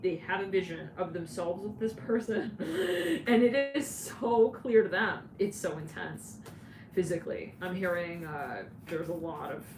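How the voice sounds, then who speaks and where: A woman's voice: on the low side, expressive, unhurried. A woman giving a channeled tarot reading who rambles and breaks into frequent giggles. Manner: giggly, rambling, laughs often. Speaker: tarot reader. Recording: roomy, distant mic with clear background noise.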